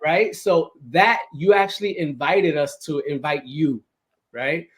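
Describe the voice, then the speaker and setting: A man's voice: fairly high pitch, measured pace. A man hosting a podcast interview in a casual, enthusiastic way, often checking in with "right?". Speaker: podcast host.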